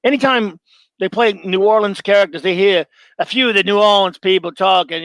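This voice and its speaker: Higher-voiced middle-aged man, blunt. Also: fairly quick, fairly bright tone, no room sound. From Louisiana. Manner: blunt and opinionated, rambling with restarts. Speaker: show host. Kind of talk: casual live-show monologue, answering chat.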